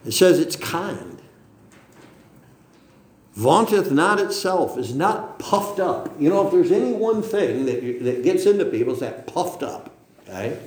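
Middle-aged pastor, male, forceful sermon delivery, slightly high voice, very reverberant room. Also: sing-song, unhurried. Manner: emphatic, rhetorical questions, frequent "okay?" tags. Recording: very echoey room.

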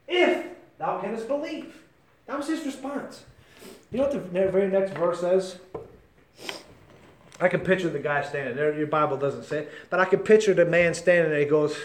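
A man preaching a sermon with great passion, swinging from shouts to near-whispers and calling his listeners by name. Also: high-pitched, animated, normal speed, reverberant.

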